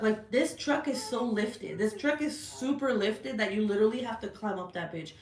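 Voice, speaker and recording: Swearing, animated woman vlogger ranting casually at home; roomy echo. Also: a little high, moderate pace, few pauses, slight background noise. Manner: animated, heavy swearing, lots of "like" and "right?". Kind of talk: casual storytelling rant.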